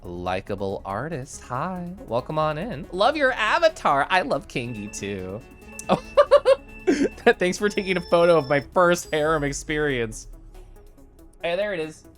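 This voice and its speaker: A woman's voice: deep voice, very animated, unhurried. A woman streamer chatting casually on a live stream, bubbly and giggly, greeting viewers by name. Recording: faint music behind.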